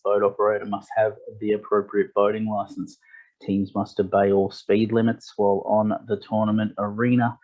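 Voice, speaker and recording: A man's voice: fairly low pitch, darkish tone. A man running a tournament briefing, reading rules and team lists matter-of-factly with fillers. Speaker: tournament director. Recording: dull lo-fi audio.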